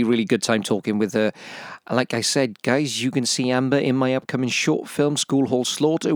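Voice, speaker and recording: A man's voice: a little high, no echo. Male podcast host, eager and chatty, dry studio sound. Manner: chatty, eager, plugs his projects. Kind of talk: casual podcast interview.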